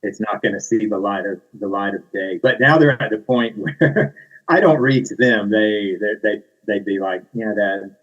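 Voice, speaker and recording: A man's voice: fairly low pitch, normal speed, fairly bright tone, husky, muffled recording. A middle-aged man with a Southern US accent, a children's book author answering interview questions in a modest, self-deprecating way.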